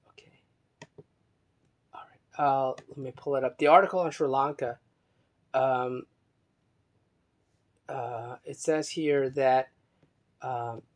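A man talks on his own in a meandering monologue, reading from an article as he goes. His voice sits at an ordinary middle pitch. He hesitates often, restarts phrases, and spells out words one letter at a time, drifting between soft muttering and louder emphasis.

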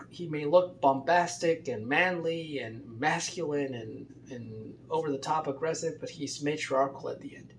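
A man's voice: fairly high pitch, slight background noise. A man giving casual, rambling political commentary with many fillers and restarts.

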